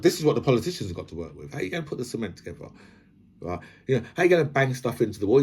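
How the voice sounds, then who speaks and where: A man's voice: mid-range voice, slightly rough. A man hosts a casual commentary vlog. He rambles and builds his points through analogies, peppering his talk with "right?" and "you know". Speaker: host.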